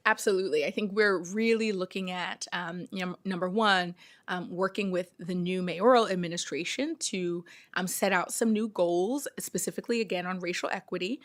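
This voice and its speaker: A woman with a lowish voice testifies at a council hearing as a city health official, speaking in a measured, earnest way with frequent ums.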